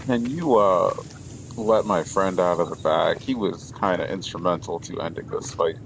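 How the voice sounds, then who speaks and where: Low-voiced, hesitant player man. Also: moderate pace, a little hiss or hum, poor audio. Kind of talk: tabletop game chat on a livestream.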